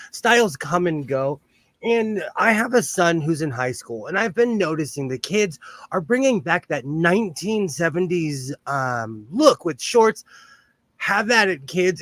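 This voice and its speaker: Chatty Southern Californian man, fairly high. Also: no room sound. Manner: chatty, greets viewers by name. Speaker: host of a sewing livestream. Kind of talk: casual livestream chat.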